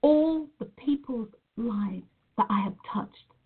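Woman, somewhat high voice, earnest, reflective, repeats herself, phone-like sound. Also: lively intonation, slow pace, slightly rough. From Nevada, USA. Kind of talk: personal monologue to viewers.

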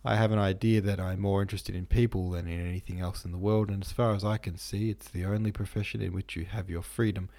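A man's voice: low-pitched, fairly even intonation, fast talker, vocal fry, hardly any pauses, a little mellow. A man reading as Philip, earnest young medical student.

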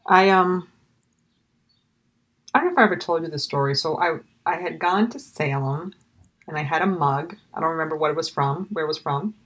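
A woman's voice: low voice, a little fast, fairly bright tone. A woman telling a story in casual conversation, wry and trailing off, acting out the lines of others. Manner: wry, trails off, acts out quoted dialogue.

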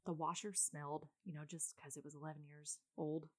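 A woman in her thirties chats through a long personal story in a casual vlog, voice sitting a little low. She rambles with plenty of fillers and asides. She is a mother talking straight to her viewers. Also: flat delivery, fairly quick. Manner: chatty and rambling, many fillers; self-described very loud person.

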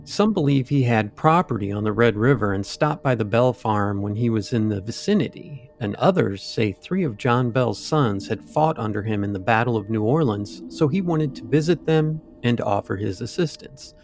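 Gravelly man rambling through a ghost story. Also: medium pitch, expressive, moderate pace, hardly any pauses, darkish tone, soft background music. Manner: loose and rambling, with asides and fillers. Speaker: podcast co-host. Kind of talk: casual chat, retelling a ghost story.

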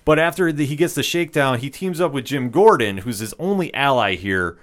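A man's voice: mid-range voice, lively intonation, brisk, fairly bright tone. A man hosting a casual film discussion podcast, steering the talk and putting questions to his co-hosts.

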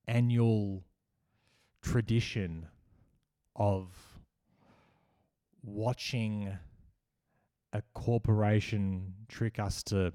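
An Australian man hosting a satirical comedy monologue, with a dry, sardonic delivery and pauses. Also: lowish voice, a little mellow, no echo. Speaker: comedian host.

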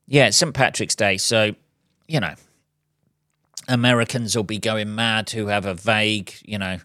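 A man's voice: lowish voice, sharp tone, smooth, no echo, clean studio sound. A man hosting his own podcast, rambling through a profane, wry monologue with chuckling asides. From England. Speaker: podcast host and comedian.

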